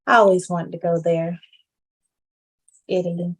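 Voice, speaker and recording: A woman's voice: on the low side, measured pace. A woman in her thirties from Jacksonville with a country Southern accent, a podcast guest telling joking stories in casual chat. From Jacksonville, Florida. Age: 30s. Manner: joking, animated storytelling.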